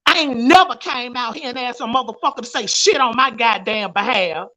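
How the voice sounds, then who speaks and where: High-pitched woman vlogger, fired up, cussing out a rival. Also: fairly quick, sharp tone, poor audio. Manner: profane, confrontational. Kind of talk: heated rant.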